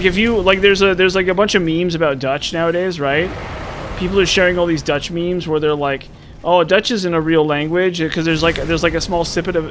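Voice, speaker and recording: Rambling young man with a higher voice. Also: a bit bright, a little hiss or hum. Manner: rambling, musing, many restarts and fillers. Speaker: gaming channel host. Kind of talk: casual gameplay commentary.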